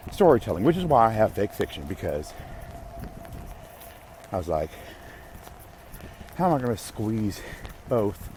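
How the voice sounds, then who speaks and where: Rambling lower-voiced man hosting a podcast. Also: mellow, a little hiss or hum. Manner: rambling, self-interrupting, occasional swearing. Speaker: podcast host. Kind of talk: casual rambling monologue.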